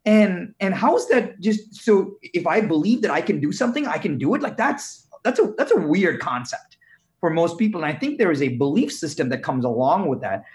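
Earnest man from India, slightly higher pitch. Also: big pitch swings, a little mellow. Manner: earnest, halting restarts. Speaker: guest. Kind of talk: reflective storytelling in an interview.

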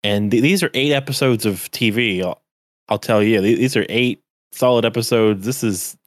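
A man's voice: fairly low pitch, normal speed, no echo, clean studio sound. A man co-hosting a podcast, chatting casually and rambling with many "like" fillers. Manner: rambling, heavy use of "like" fillers. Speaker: podcast co-host. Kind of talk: casual chat.

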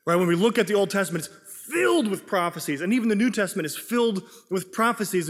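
A young adult man preaching a sermon with a relaxed, self-mocking style and quick restarts. His voice sits a little high, and a long reverb trails it around the hall. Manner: casual, self-deprecating, repeats words when excited.

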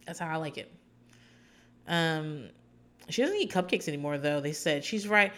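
A woman's voice: low voice, normal speed, a bit bright. A woman hosting a podcast, recapping a reality show in casual, rambling chat with sarcastic asides.

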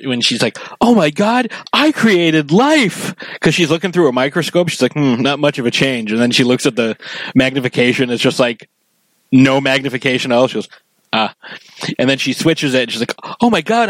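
A man's voice: medium pitch, fast, fairly bright tone, dry recording, poor audio. A man co-hosting a podcast, chatting casually about favorite cartoon episodes and quoting scenes in put-on voices. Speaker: podcast co-host.

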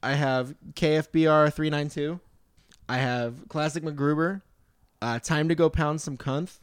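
A man's voice: a little high, fairly even intonation, a little slow, clean tone, no room sound, studio quality. A man co-hosting a casual movie podcast, eagerly retelling scenes and acting out the quotes. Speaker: podcast co-host.

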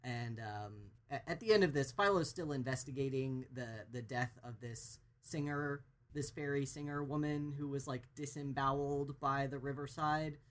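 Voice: mid-range voice, normal speed, few pauses. A podcast co-host recapping a TV plot in a casual, rambling way with many fillers. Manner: rambling, lots of fillers and restarts.

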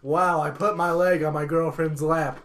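A man's voice: a little high, fairly even intonation, moderate pace, fairly bright tone. Teasing, exasperated young man. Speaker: podcast guest. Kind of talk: casual podcast chat.

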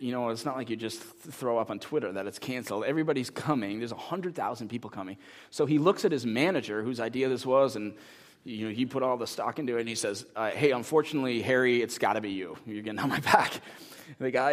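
Animated male pastor telling a story. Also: medium pitch. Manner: animated storytelling, building to a quiet earnest appeal. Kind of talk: sermon.

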